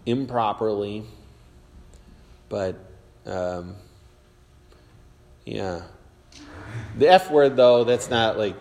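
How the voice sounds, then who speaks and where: A church teacher leads an informal Bible class in a reverberant hall, chatty and rambling with lots of fillers. His voice is lowish and darkish with vocal fry; he draws out words and pauses often.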